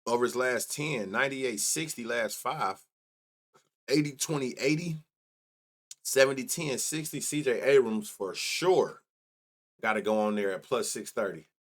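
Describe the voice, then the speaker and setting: A man's voice: mid-range voice, a little slow. A man hosting a sports betting show, thinking aloud in casual chat as he reads off numbers and mutters to himself. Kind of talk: casual solo stats rundown.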